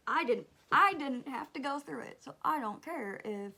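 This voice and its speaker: A young woman, chatting and telling a story while doing her makeup, animated and swearing casually. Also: sits high, measured pace. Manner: animated, swears casually, drops to whispers at times. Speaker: beauty vlogger.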